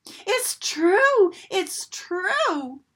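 A woman voicing a young boy who has become an eager little duckling, exclaiming with excitement. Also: sits high, measured pace, pitched above the performer's own voice, heavily acted. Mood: excited.

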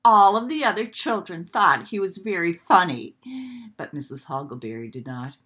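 A woman reading a children's storybook aloud in a gentle, expressive way. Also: fairly low pitch, normal speed, husky.

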